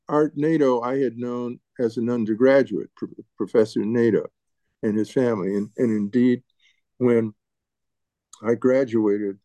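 An older man reminiscing as an interviewee, halting and often restarting and repeating his words. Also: lowish voice, warm tone, no room sound. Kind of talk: reminiscing storytelling.

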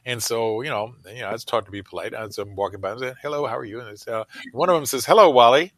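Speaking quickly in a lowish, slightly bright voice, this older man rambles through casual interview stories over a call. The dry recording catches his many fillers, asides and laughs.

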